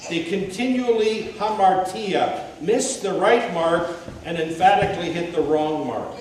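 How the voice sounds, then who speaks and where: A man preaching a sermon, swinging between loud rhetorical questions and low, quiet asides. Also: a little slow. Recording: very echoey hall, mic at a distance, faint hiss.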